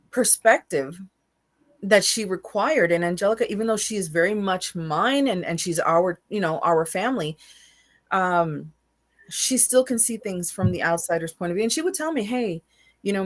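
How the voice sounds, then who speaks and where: Candid, emotional woman in casual chat. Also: mid-range voice. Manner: emotional, candid, restarts and repeats words. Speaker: co-host.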